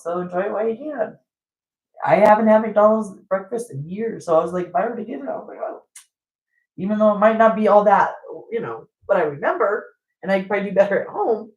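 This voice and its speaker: Woman, fifties, blunt, animated, rambling spiritual talk, mild swearing, echoey room. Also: dull audio. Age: 50s. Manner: animated, blunt, mild swearing, jumps to high quoted voices. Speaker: spiritual vlogger.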